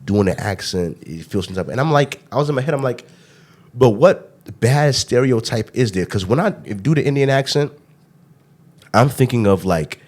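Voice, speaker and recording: A man's voice: mid-range voice, lively intonation, a little fast, a little mellow. A man hosting a podcast in casual chat, rambling with frequent laughs and fillers. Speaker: podcast host.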